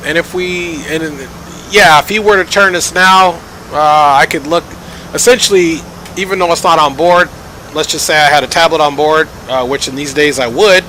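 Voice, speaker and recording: A man talks through his flight sim session for a live stream in a loose, joking way, thanking viewers between callouts. His voice sits a bit high and sounds bright and forward. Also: slight background noise, rough recording.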